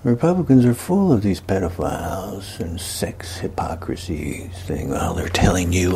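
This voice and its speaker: A man giving a ranting political commentary, emphatic, often dropping into breathy whispered asides. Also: mid-range voice, huge pitch swings, unhurried, warm tone, slight background noise.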